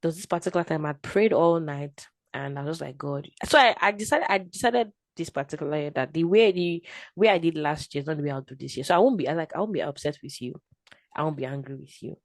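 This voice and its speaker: Low-voiced woman, guest on a faith podcast, lively testimony, dry close sound. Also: fast talker, no room sound. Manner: animated storytelling, acts out her own quotes. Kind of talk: casual testimony chat.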